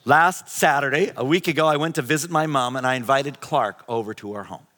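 A middle-aged man preaching and telling a story, animated, sometimes dropping to a hushed whisper. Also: medium pitch, fairly quick. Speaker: pastor. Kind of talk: sermon storytelling. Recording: long hall reverb.

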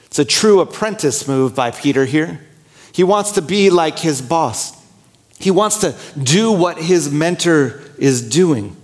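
A man's voice: on the high side, animated, measured pace, darkish tone. A man preaching a sermon as pastor, talking in a candid, conversational way and acting out his own prayers and inner dialogue.

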